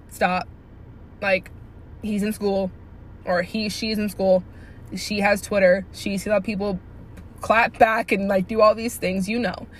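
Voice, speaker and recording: Young woman in her early twenties, casual storytime rant, animated, indignant, swears freely, lots of "like" fillers. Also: medium pitch, a little hiss or hum. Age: early 20s. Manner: animated, profane, frequent "like" fillers; indignant and blunt. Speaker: vlogger telling a workplace story.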